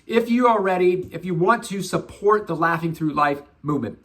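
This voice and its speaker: A man's voice: sits high, animated, moderate pace, fairly bright tone. A man giving an earnest, preachy motivational self-help talk, swearing casually. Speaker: motivational vlogger.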